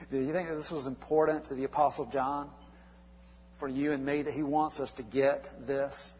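A male pastor delivering a sermon in a conversational, halting way, with many fillers and restarts. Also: medium pitch, level tone, long reverb tail, highs cut off, a little hiss or hum. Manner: conversational preaching with frequent uhs and restarts.

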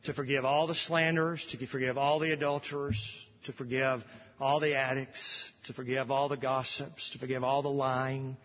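A pastor preaching a sermon, rising to emphatic repeated refrains, recorded from a distance in a church sanctuary. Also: male voice, medium pitch, little pitch movement, normal speed, big-room sound, muffled recording.

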